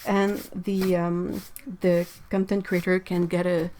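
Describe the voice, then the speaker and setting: A woman's voice: lowish voice, little pitch movement, slow pace, warm tone, slight background noise. A woman hosting an art livestream from a home studio, chatting casually and apologetically while she paints, often breaking into giggles.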